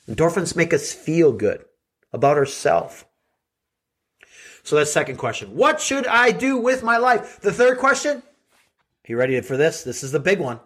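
A middle-aged man hosting a podcast, giving an earnest motivational talk full of rhetorical questions to his listeners. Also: mid-range voice. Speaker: podcast host and coach.

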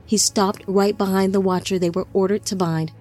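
Woman narrating an audiobook slowly. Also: medium pitch, fairly even intonation, dark tone, soft background music. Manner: slow, deliberate reading. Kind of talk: scripted narration.

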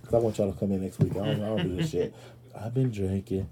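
A man hosting a podcast in a casual comedic monologue. He is brash and profane, talks straight to his listeners, and jumps into loud, high-pitched outbursts. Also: fairly even intonation, quick pace. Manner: addresses listeners directly. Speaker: podcast host.

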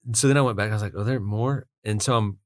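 A man's voice: fairly low pitch, very fast, no echo, studio quality. A man co-hosting a podcast, casually asking his co-host questions about a book. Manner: curious, asks questions, laughs easily.

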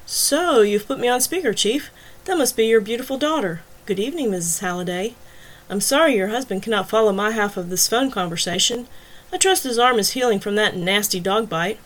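Brief: smug, taunting male villain, voiced by a woman narrator, unhurried mockery. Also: medium pitch, close to an everyday voice.

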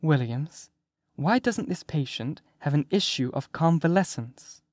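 A domineering head nurse who barks orders in a sharp, scolding tone, as a man reading an audiobook puts her on. Her voice sits a little high and dry. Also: lively intonation, unhurried, no room sound. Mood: clipped. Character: stern, domineering head nurse, middle-aged woman.

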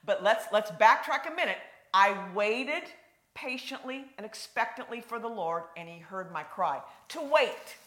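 A woman preaching a sermon in a folksy, conversational way, swinging from loud emphasis to hushed, near-whispered lines. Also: medium pitch, animated, unhurried.

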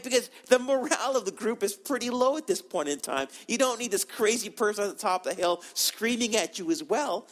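Male preacher, high voice, lively sermon, acts out voices, repeats words.

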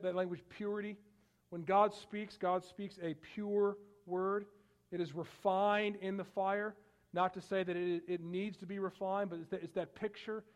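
A male pastor preaching a sermon, building to emphatic bursts on scripture and often repeating words as he goes. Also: high-pitched. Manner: frequent word repeats and restarts.

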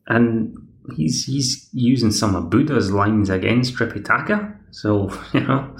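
Gravelly Scottish man chatting. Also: lowish voice, lively intonation, moderate pace, fairly bright tone, echoey room. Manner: chatty, rambling, plays the characters' lines himself. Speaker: podcast host. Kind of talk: casual episode recap.

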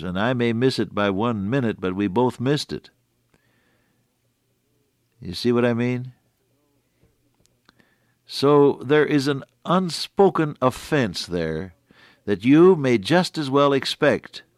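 A man's voice: medium pitch, dry recording, studio quality. A man preaching a radio sermon in a folksy, earnest way, stretching out key words for emphasis.

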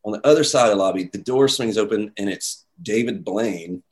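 A man telling a story in casual chat, animated, acting out the voices of the people in it. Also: lowish voice, brisk. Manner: animated, acts out quoted voices, many "like"s.

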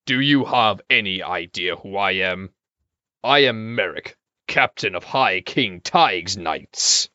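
Man voicing a knight captain, commanding, bright and sharp tone, lively swings of pitch, slow delivery. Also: dry recording, full character voice. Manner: cold, commanding, interrogating. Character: stern menacing male knight captain. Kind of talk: audio drama acting. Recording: dull lo-fi recording.

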